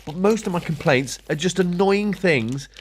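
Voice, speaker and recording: A man's voice: high voice, lively intonation, normal speed, slight background noise. A middle-aged man ranting casually to camera, grumbling and sarcastic, muttering to himself as he works. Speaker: vlogger.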